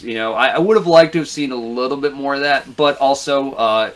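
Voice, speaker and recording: A man's voice: mid-range voice, a little fast, few pauses. A man co-hosting a wrestling podcast in casual chat, blunt and opinionated, swearing freely. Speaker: podcast co-host.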